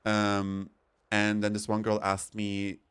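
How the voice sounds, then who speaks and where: A man from Europe with a slightly low voice, chatting casually as a streamer while he plays. He tells stories in a campy, animated way and swears freely. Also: takes it slowly, clear, resonant tone. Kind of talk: casual chat while gaming.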